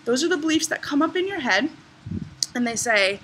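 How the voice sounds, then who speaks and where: A woman's voice: high-pitched, lively intonation, brisk, fairly bright tone. A woman in her thirties vlogging to camera outdoors in a garden, telling a travel story with bubbly enthusiasm. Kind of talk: casual vlog to camera.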